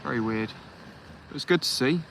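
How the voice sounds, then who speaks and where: An easygoing English man runs a live fishing stream from the shore, greeting each viewer by name. His voice is bright and forceful, and he speaks into a phone outdoors at night. A faint background hum sits under him. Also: medium pitch, normal speed, creaky, low-quality recording. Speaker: fishing livestream host. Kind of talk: casual live chat while fishing.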